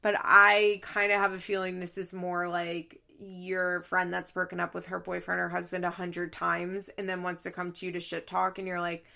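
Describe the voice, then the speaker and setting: A woman's voice: lowish voice, monotone, normal speed, gravelly, hardly any pauses, bright, forceful tone. A woman chatting casually as she recaps a reality show. She swears freely, laughs often and says "like" a lot.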